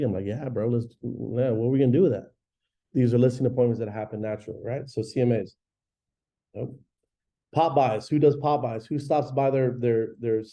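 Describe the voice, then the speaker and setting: A man coaching a room of agents in a loose, slangy, energetic way, jumping into quick acted-out snippets of calls. His voice is very dark and mellow, sitting at an ordinary middle pitch. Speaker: real estate agent giving a training talk. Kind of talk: coaching talk to an audience.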